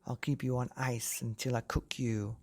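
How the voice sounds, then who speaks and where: A man doing a bossy shrieking Gruffalo mum. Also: mid-range voice, flat delivery, moderate pace, a little mellow. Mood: gloating. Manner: scolding, boastful. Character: fierce bossy female Gruffalo mother.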